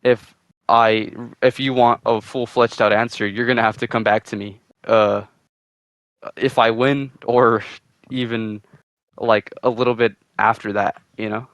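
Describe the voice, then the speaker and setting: A man's voice: lowish voice, level tone, unhurried, fairly bright tone, no room sound. A man answering as a candidate in an online mayoral debate, rambling and hesitant, and apologizing for talking too long. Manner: rambling, hesitant, self-deprecating.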